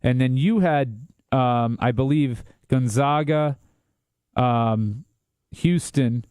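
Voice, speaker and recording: A man's voice: medium pitch, takes it slowly, darkish tone, smooth, no echo, clean studio sound. A man co-hosting a sports talk show, giving confident, opinionated predictions in casual chat.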